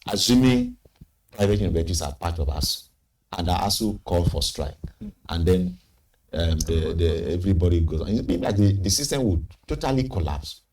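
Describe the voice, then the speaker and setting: A man with a very low voice leads a TV studio panel, and his emphatic points break into sudden high leaps. He is picked up from a little way off the mic, with a faint hiss under his voice. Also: moderate pace. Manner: emphatic, with sudden upward pitch jumps. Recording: slightly distant mic with faint noise.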